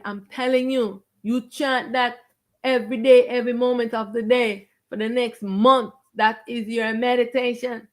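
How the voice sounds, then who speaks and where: A woman's voice: fairly high pitch, fairly even intonation, a little slow. A woman acting as a spiritual teacher, preaching to viewers on a live stream in an emphatic, confrontational way. She stretches out stressed words and repeats her phrases.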